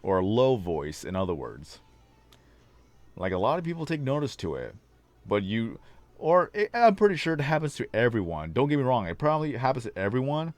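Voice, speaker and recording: A man with a low baritone voice hosting a casual livestream chat, slightly hoarse and rambling on long tangents. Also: big pitch swings, a little fast, no echo, soft background music. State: slightly hoarse, losing his voice. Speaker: livestream host. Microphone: desk microphone.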